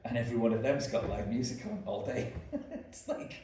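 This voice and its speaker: A man's voice: medium pitch, very animated, brisk, dark tone, a little hiss or hum. A man co-hosting a podcast, telling rambling travel anecdotes with lots of likes and ums. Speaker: podcast co-host. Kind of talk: casual anecdotal chat. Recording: echoey room, mic at a distance.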